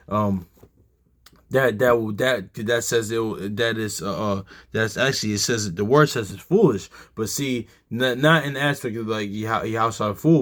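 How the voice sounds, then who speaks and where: A man's voice: on the low side, vocal fry. A tired man giving a casual Bible study talk, rambling with lots of fillers and reading verses aloud. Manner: rambling, heavy fillers, reads scripture aloud. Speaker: Bible teacher.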